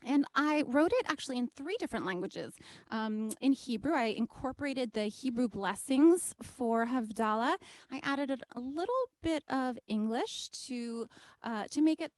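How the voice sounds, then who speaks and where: A woman singer-songwriter with a slightly high voice chats in a lively way about her own music. She sounds relaxed and friendly as she sets up a song for the audience. The sound is close and dry. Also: moderate pace, no room sound. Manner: lively, chatty storyteller. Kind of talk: casual talk introducing a song.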